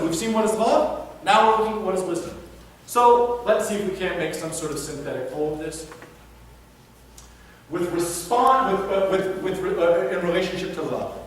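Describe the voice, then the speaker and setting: A man, a philosophy professor, giving a live lecture in a hall and often checking that the audience follows. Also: high voice. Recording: echoey hall, distant mic, faint noise.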